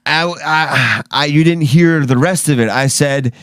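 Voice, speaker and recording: A man's voice: fairly high pitch, measured pace, a bit bright, no room sound, clean studio sound. A man co-hosting a casual chat show, joking, crude and teasing. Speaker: show host.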